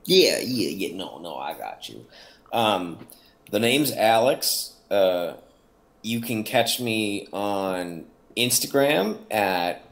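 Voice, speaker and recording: Deep gloomy-sounding man, podcast co-host. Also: slow pace, vocal fry. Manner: low, gloomy, flat-sounding delivery. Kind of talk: casual chat.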